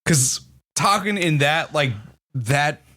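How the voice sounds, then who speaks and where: A man with a slightly high voice co-hosts a casual podcast, playful and quick to laugh. He drops "dude" often and talks from a garage. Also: lively intonation, sharp tone. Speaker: podcast co-host.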